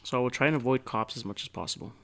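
A man chatting on a casual podcast, answering his friend's wild ideas with short questions and dry quips. His voice sits in a middle pitch with a gravelly edge. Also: rapid-fire, a bit bright. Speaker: podcast co-host. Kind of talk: casual chat.

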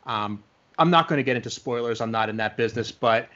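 Male podcast host, conversational, appreciative, mid-pitched voice, dull lo-fi audio. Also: fast, bright, forceful tone. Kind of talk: interview chat. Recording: dull lo-fi recording.

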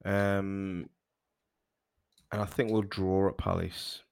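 A man co-hosting a casual football podcast, measured and full of fillers. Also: low voice, flat delivery, creaky, clear, resonant tone, no echo, studio quality. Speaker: podcast co-host.

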